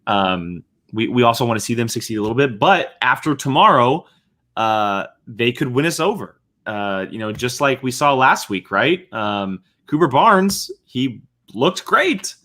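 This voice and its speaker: A man's voice: medium pitch, a little slow. Easygoing young man hosting a podcast. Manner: relaxed, leads the discussion with fillers. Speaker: podcast host. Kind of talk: casual chat.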